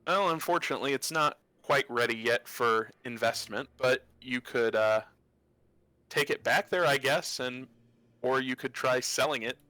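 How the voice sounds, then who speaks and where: A man's voice: medium pitch, bright, forceful tone, no echo, natural voice. A man voicing an irritable female researcher in a tabletop game, keeping close to his own voice with hesitant fillers. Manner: quoting her lines in his own voice, with fillers.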